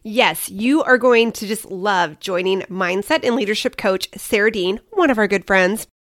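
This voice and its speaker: A woman co-hosting a casual podcast, bubbly and playful, talking quickly. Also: mid-range voice, a bit bright, dry recording, studio quality. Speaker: podcast co-host.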